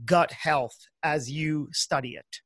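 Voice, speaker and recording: A man's voice: fairly high pitch, takes it slowly, a bit bright, no room sound. A man with a New Jersey accent hosting an interview podcast, chatty and enthusiastic. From United States. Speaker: podcast host. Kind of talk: casual interview chat.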